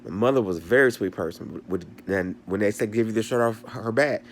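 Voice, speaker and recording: A man's voice: on the low side, a little fast, a little hiss or hum. A man telling a story at home, laughing a lot and retelling it dramatically. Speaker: vlogger. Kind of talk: animated storytime rant. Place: bedroom at home.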